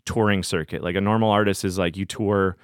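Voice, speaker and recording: A man's voice: deep voice, steady tone, a little fast, smooth, no room sound, clean studio sound. A man who tours as a DJ, chatting casually as a podcast guest and telling rambling, profane stories. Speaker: touring DJ guest.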